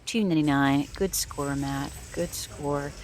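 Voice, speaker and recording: A woman's voice: sits low, unhurried, darkish tone. A woman vlogging while thrifting in a store, chatting casually and enthusiastically about her finds. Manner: chatty, enthusiastic, rambling asides. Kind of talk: casual vlog narration.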